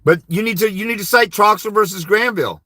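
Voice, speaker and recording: Here a man with a high, bright, forceful voice speaks at a quick pace while hosting a live advice stream about legal issues. He is blunt and emphatic, urging listeners to confront the court, and imitates timid speakers by mumbling "wah wah." Recorded dry, in studio quality.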